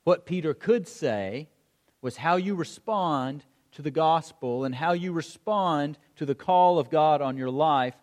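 A middle-aged man preaching a sermon, telling stories in an animated way and acting out the calls of a coach. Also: fairly high pitch, unhurried. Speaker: pastor. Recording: long hall reverb.

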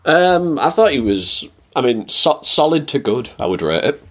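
A man co-hosting a podcast, giving measured opinions on films after hesitant starts. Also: mid-range voice, sing-song. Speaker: podcast co-host. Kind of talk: casual film review chat.

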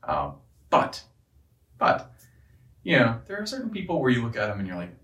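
A man's voice: mid-range voice, huge pitch swings, moderate pace, fairly bright tone, roomy sound, recorded from a distance, low-quality recording. A man ranting casually and profanely, exasperated and rambling, often restarting his sentences. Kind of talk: casual rant.

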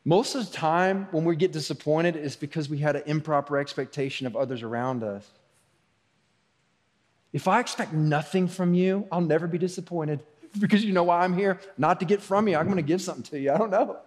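A man preaching a sermon as pastor, talking in a loose conversational way that swings between soft asides and raised emphasis. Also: fairly high pitch, a little fast. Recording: long hall reverb.

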